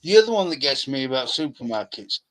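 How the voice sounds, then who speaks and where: A man in a casual chat complaining in a slow, drawn-out way. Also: mid-range voice, very animated, a bit bright.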